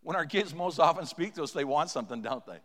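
A high-pitched male preacher delivers a revival sermon in a church sanctuary. His voice rings with a long reverb. He builds to loud, impassioned pleading when he acts out prayers. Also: lively intonation, quick pace.

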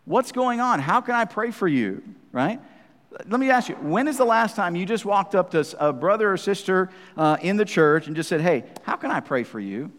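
Male pastor, sermon, conversational "right?" asides, animated swooping voice, reverberant church hall. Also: sits high, moderate pace.

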